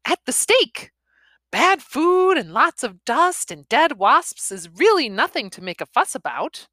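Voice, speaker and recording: Woman doing a high, breezy young wife, teasing and carefree, storybook voice. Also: very animated, unhurried, pushed and bright, no echo, heavily acted.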